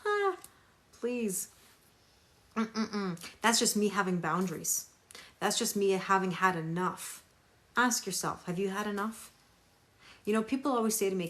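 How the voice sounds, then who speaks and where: A woman's voice: medium pitch, expressive, a little slow, long pauses, fairly bright tone. A woman tarot reader on a live stream, talking emphatically, repeating phrases for stress and greeting viewers by name.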